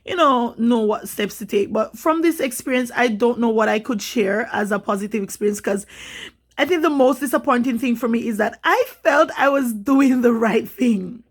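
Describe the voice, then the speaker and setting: A woman's voice: a little high, moderate pace. Upset rambling woman vlogging. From Jamaica. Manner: rambling, upset, animated when quoting others. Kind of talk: emotional personal vlog.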